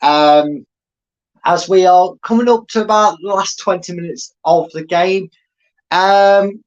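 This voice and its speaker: A man's voice: high-pitched, takes it slowly, highs cut off. A man hosting a fan channel, giving live watchalong commentary in a chatty, rambling way with many fillers and restarts.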